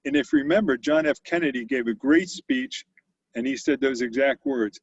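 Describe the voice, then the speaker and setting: A company CEO in his sixties tells stories in a conversational interview, full of fillers and restarts. His medium-pitched voice is gravelly and husky and very animated, at a normal speed. The audio is dull and lo-fi with no room sound.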